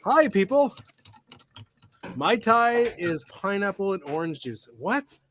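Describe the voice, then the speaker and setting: A man's voice: high-pitched, big pitch swings, slow pace, a bit bright, slight background noise. A man co-hosting a live stream, chatting casually and laughing easily while mixing drinks. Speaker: bartender and co-host.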